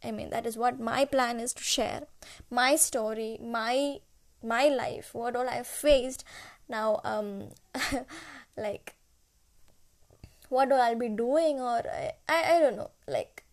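A woman's voice: on the high side, slow. A woman in her twenties who is not a native English speaker, talking unscripted on her own podcast, searching for words and full of fillers. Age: 20s. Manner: rambling, searching for words, frequent laughs and fillers. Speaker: podcast host. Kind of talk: unscripted solo podcast intro. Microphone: podcast app recording.

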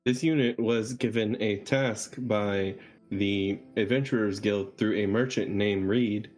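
Brief: stiff formal robot construct, played by a man, lowish voice, tabletop role-play. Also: fairly even intonation, a little slow, darkish tone, natural voice. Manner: stiff, speaks of himself as "this unit".

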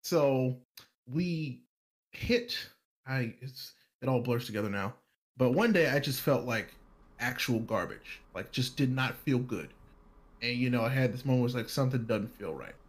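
A man casually telling a personal story on a podcast, animated, acting out other people's lines and laughing often. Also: medium pitch, normal speed.

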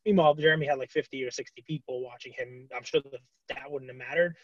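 A man co-hosting a podcast, chatting casually with lots of fillers and animated retelling. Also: mid-range voice, fast talker, no room sound, highs cut off. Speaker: podcast co-host. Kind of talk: casual chat.

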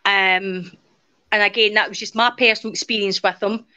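A woman's voice: medium pitch, moderate pace. A woman in her forties, a guest in an interview, casually telling a personal story and acting out the dialogue as she goes. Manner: lively retelling that acts out quoted dialogue. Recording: dull lo-fi audio.

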